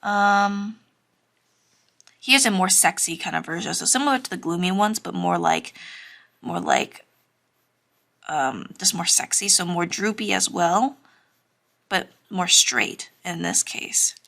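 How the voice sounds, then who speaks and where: A young woman talks through a drawing tutorial in a casual, rambling way, full of fillers and shy little laughs. Her voice sits somewhat low and has a bright tone with noticeable vocal fry. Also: a little slow, long pauses. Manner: chatty, many fillers, giggly and self-conscious. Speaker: drawing teacher.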